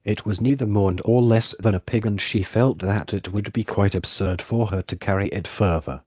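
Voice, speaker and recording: Synthetic male narrator, audiobook reading, low voice, dry close sound, even measured delivery. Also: no room sound, lo-fi sound. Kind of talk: scripted narration.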